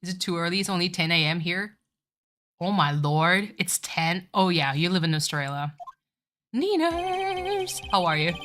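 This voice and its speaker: A woman's voice: on the low side, a bit bright. A woman streamer chatting casually while playing a game, talkative, swearing and saying "like" a lot. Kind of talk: casual live-stream chat.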